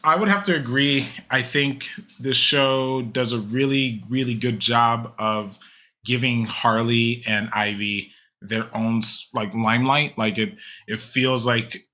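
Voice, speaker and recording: A man's voice: mid-range voice, unhurried, sharp tone. A young man co-hosting a podcast, rambling casually with many fillers and restarts. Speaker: podcast co-host. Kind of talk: casual chat.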